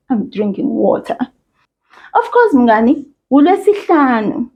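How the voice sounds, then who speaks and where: A woman teaching a children's language lesson, encouraging and sing-song, speaking slowly and clearly. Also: high voice, big pitch swings, muffled recording. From South Africa.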